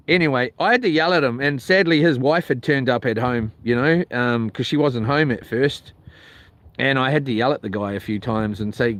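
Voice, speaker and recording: A man's voice: medium pitch, sing-song, fairly quick, no room sound. A man telling a rambling, colloquial story for his vlog, outdoors by a lake. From New Zealand. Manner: rambling, colloquial, mimics others loudly. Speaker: vlogger. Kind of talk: casual storytelling.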